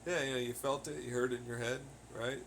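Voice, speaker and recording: Fast-talking and a bit bright, a young man with a mid-range voice and fairly even intonation rambles on his own podcast. He rants and swears heavily from home on laundry day, with slight background noise audible.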